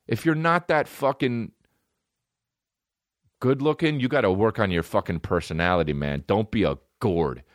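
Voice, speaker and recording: A man's voice: low voice, dry recording, studio quality. A man hosting a comedy podcast, riffing in a loose monologue and jumping into put-on voices. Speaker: podcast host. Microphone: studio microphone.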